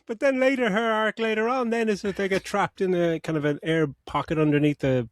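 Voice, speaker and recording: A man's voice: sits high, fairly quick, no echo, studio quality. Middle-aged man ranting in casual podcast chat. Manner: sweary, ranting, laughs mid-sentence. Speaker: podcast co-host. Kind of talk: casual movie review chat.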